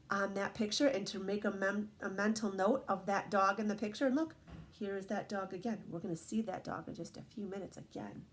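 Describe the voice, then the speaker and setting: Animated woman teacher reading to kids. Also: a little high. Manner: gentle, encouraging, asks children questions. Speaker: teacher reading picture books to children. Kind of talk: storybook read-aloud lesson.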